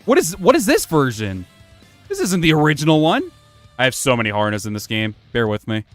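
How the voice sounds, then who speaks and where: Lively rambling man streaming a game. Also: on the high side, brisk, dry recording. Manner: rambling, self-mocking, swears freely. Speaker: gaming streamer. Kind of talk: casual gameplay commentary. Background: faint music playing from his computer.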